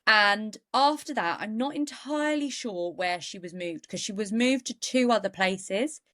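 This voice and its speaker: Woman co-hosting a true crime podcast, worked up and chatty, mid pitch. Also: expressive, a little slow, a bit bright. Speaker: podcast co-host.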